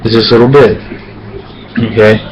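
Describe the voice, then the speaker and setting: A man's voice: fairly low pitch, fairly even intonation, normal speed, lo-fi sound, a little hiss or hum. A man casually telling a parable with a prop in a loose, rambling way, recorded on a camera he holds and then sets down. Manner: loose, rambling, with many "you know"s. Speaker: storyteller. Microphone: handheld camera, then set down.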